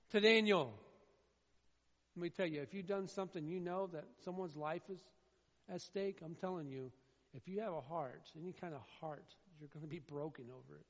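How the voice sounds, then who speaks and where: A man preaching a sermon, swinging between loud, emphatic declaiming and quieter asides. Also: high voice. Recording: dull sound in a reverberant hall.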